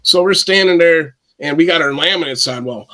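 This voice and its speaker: A man's voice: on the high side, brisk, sharp tone. A man on a podcast telling long, rambling stories and acting out other people's lines. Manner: rambling anecdotal, acts out quotes. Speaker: wrestler guest. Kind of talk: casual storytelling.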